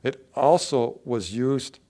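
A pastor delivers a sermon in an easy, conversational manner. His voice sits at a middling pitch, and he often turns to the congregation with questions and quick acted-out lines. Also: dark tone. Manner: conversational preaching with rhetorical questions and acted-out quotes.

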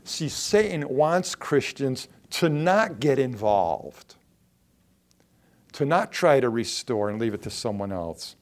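A man preaching a sermon, reading scripture aloud and explaining it, with emphatic bursts and quiet asides. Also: mid-range voice, animated, slow. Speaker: pastor.

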